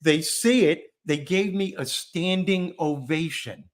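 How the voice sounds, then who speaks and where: A man telling a funny childhood story in a relaxed interview, self-deprecating and animated, acting out the lines he quotes. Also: on the high side, takes it slowly. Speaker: guest storyteller. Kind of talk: conversational storytelling.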